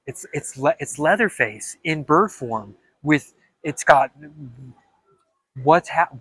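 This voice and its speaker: A young man talking in a casual vlog monologue, animated and dramatic, with frequent stammered restarts. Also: fairly high pitch, takes it slowly, pauses often, breathy edge, no room sound. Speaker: vlogger.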